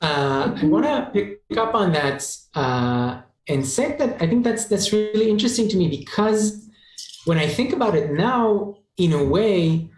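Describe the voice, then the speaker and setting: A man from Israel, an improv performer on a panel, talking in a thoughtful, halting way with restarts. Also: high-pitched, sing-song, darkish tone. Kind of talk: panel discussion. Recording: echoey room.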